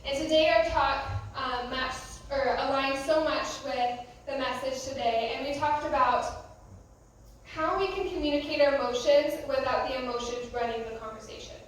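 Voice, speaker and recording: High-voiced young woman preaching in an echoey room. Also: normal speed, recorded from a distance, a little hiss or hum. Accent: American. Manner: casual, conversational, many fillers. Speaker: youth pastor. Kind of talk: youth sermon. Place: church youth room.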